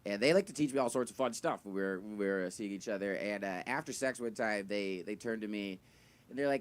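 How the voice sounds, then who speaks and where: A young man doing a stand-up comedy set, with a high, thin voice, rambling and self-deprecating, full of fillers. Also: fairly quick. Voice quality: high, thin voice he calls dumb. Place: comedy venue with live audience.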